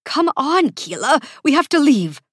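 A woman's voice: big pitch swings, a little slow, no room sound, studio quality. A woman voicing an anxious male spider plant assistant, panicky and urgent. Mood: panicked. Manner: panicky, urgent, high-pitched.

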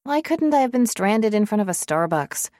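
A woman's voice: medium pitch, very animated, normal speed, darkish tone, no echo, studio quality, voice pushed up, natural voice. A woman reading an audiobook, voicing a skeptical young woman psychologist with a wry, muttering manner. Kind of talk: audiobook character voice.

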